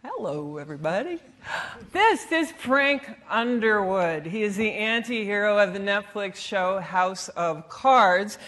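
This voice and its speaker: A woman giving a lively talk to a live audience on stage, playful and theatrical as she acts out rhythms and lines. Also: medium pitch, takes it slowly, hardly any pauses.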